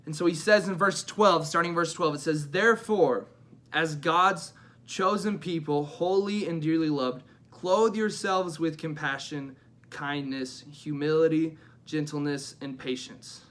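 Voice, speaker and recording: A young man giving an energetic youth devotional as a pastor, emphatic and repeating his phrases. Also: a little high, a little slow.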